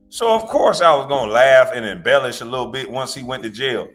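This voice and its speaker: A man's voice: medium pitch, expressive, fairly quick, hardly any pauses, a bit bright, soft background music. A man hosting a reaction show, ranting bluntly and profanely, mocking his target. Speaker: host. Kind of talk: reaction commentary rant.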